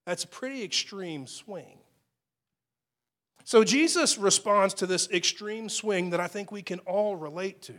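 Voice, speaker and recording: The pastor's voice sits high as he preaches at a measured pace. His tone is conversational and personal, with many restarts and sudden shifts in loudness.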